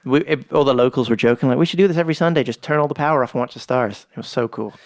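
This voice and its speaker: A man's voice: mid-range voice, racing, no echo, studio quality. A man chatting as a podcast guest, telling stories with gusto, acting out what others said and swearing casually. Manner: lively storyteller, acts out quoted dialogue, swears casually. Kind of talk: casual conversation. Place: ranch.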